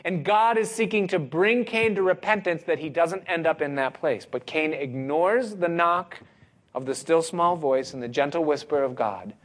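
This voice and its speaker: A man delivers a sermon in a somewhat higher voice. He speaks expressively, pausing for effect and building emphasis. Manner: expressive, dramatic pauses and rising emphasis. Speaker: preacher.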